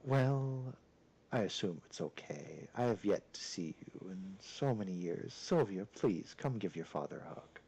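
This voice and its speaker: A suave, courtly vampire lord, voiced by a man running a tabletop game. He speaks in a deep, low voice with formal phrasing and unhurried pauses, fatherly toward his guests. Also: animated, mellow, slightly rough, exaggerated voice, poor audio.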